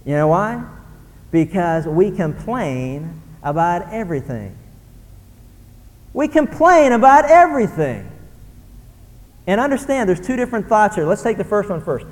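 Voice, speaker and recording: A male pastor preaching a sermon in an animated way, acting out grumbling voices. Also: high-pitched, moderate pace, in a large hall.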